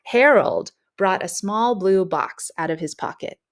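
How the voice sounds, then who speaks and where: A woman teacher explaining a writing lesson in a measured way, with frequent fillers. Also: medium pitch, expressive.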